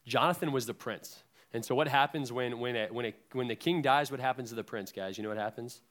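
Young male youth pastor, relaxed sermon to kids, chatty and unpolished. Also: medium pitch, brisk. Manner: conversational, frequent ums, lively retellings of scripture.

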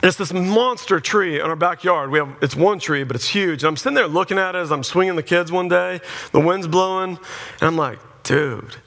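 A middle-aged preacher delivers a funny sermon story with a bright, forceful, slightly high voice. He jokes with the congregation and acts out both sides of conversations. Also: fairly quick. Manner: animated, joking, acts out conversations. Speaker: pastor. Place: church before a live audience.

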